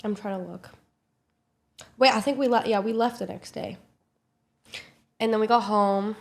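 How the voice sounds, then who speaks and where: A woman's voice: fairly even intonation, moderate pace, vocal fry, pauses often. A young woman telling a trip story to camera in a chatty, casual way, swearing freely and acting out quotes. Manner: chatty, swears freely, acts out quotes in high squeaky voices. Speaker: streamer vlogging a trip.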